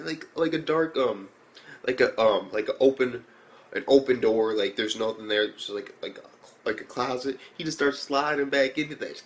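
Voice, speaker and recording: An excitable young man talks through an anime episode in a loose, rambling way. He swears freely, piles up filler words and stays mid-pitched. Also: fairly quick. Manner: rambling and profane, many fillers; excitable, jumps into high reactions. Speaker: anime reviewer. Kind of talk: casual recap and review.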